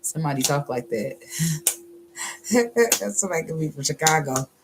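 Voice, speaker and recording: A deep-voiced woman with lively intonation reads tarot casually while background noise plays. Blunt, sassy, and profane, she laughs frequently and slowly drawls phrases for emphasis.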